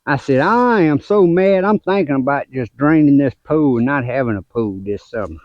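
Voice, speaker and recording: A man's voice: fairly quick, no echo, highs cut off. An older man tells folksy stories about his grandkids on a casual gardening vlog, laughing between stories. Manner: folksy, laughs between stories, raises pitch when telling the story. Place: outdoors in a garden.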